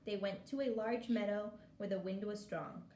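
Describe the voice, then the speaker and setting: A woman gently reading a children's picture book aloud, in a clear storytelling manner. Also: medium pitch, steady tone, moderate pace. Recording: echoey room with faint hiss.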